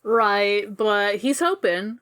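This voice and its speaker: A woman's voice: mid-range voice, expressive, slow, fairly bright tone, clean tone. A woman co-hosting an anime podcast, chatty and giggly, full of "like" and gushing over cute scenes. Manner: chatty and giggly, lots of fillers, gushes over cute moments. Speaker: podcast co-host. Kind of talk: casual chat about an anime episode.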